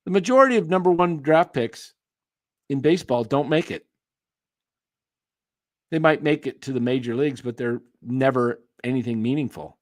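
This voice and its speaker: A man's voice: medium pitch, normal speed, long pauses, no echo, clean studio sound. A man hosting a casual sports talk stream, opinionated and rambling, answering viewers by name while his voice wears thin. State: losing his voice, clearing throat. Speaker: sports show host. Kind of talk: casual live-stream commentary.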